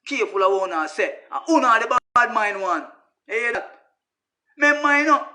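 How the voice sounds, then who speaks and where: A Jamaican man with a high, bright voice delivers a casual monologue that rambles and repeats itself. He talks emphatically in patois and keeps turning to his listeners with "you hear that?". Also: animated, moderate pace. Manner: emphatic, repetitive, addresses listeners as brother. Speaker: social media personality.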